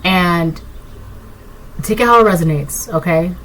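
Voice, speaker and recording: A woman giving a casual collective tarot reading, rambling and excitable, often tagging her points with "right?". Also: lowish voice, a little slow, slight background noise, rough recording. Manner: keeps asking "right?". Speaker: tarot reader.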